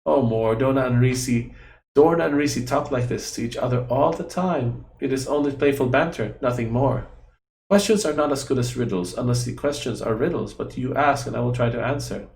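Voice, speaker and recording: Fretful childlike female guardian, third-person talker, broken grammar, gravelly edge, a man doing the voice. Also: medium pitch, fairly quick, darkish tone, echoey room, lightly acted.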